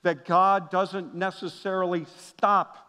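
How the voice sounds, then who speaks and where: A man preaching a sermon as pastor, moving between hushed, confiding passages and loud, emphatic calls to the congregation. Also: sits high, steady tone, takes it slowly, clear, resonant tone. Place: church sanctuary. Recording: long reverb of a large hall.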